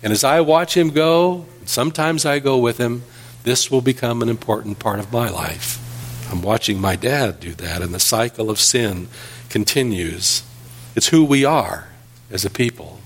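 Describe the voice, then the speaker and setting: A man's voice: mid-range voice, normal speed. A man preaching an earnest sermon as pastor, telling stories and building emphasis.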